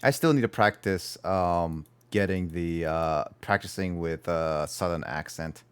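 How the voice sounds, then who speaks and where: A man's voice: sits low, a little slow, clear, resonant tone. A man streaming a video game, chatting casually and rambling, correcting himself as he talks. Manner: rambling, self-correcting, animated. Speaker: gaming streamer. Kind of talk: casual livestream chat.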